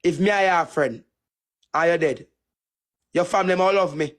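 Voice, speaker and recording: A man speaking in a thick Jamaican Patois accent, his voice sitting a little high for a man. He rants on a live stream in a heated, taunting way and hammers the same phrases over and over. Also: normal speed, fairly bright tone. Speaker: TikTok streamer. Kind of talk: angry insult rant on a live stream.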